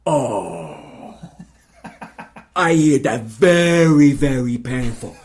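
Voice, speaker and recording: A man's voice: medium pitch, very animated, drawn-out words, a little mellow, full character voice. A man putting on a small, blunt woman nurse with a Filipino accent and broken, grim phrasing. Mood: gloomy blunt.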